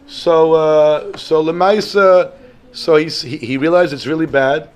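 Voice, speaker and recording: Animated rabbi. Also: male voice, on the high side, a little slow, clean tone. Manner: animated storyteller, repeats and restarts phrases. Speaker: rabbi teaching daily Talmud. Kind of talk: storytelling Torah lesson.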